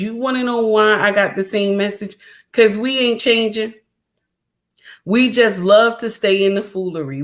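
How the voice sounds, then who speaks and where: A middle-aged woman hosts a livestream and lectures her viewers in a preachy, emphatic way. She circles back to the same points over and over and speaks to her audience directly. Her pitch sits in an ordinary middle range. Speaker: livestream host.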